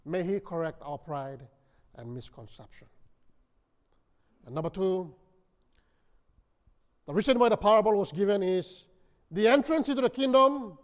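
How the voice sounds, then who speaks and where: Man, preacher, sermon, slow deliberate delivery, big hall reverb. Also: high-pitched. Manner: dramatic storytelling with swings from loud to hushed.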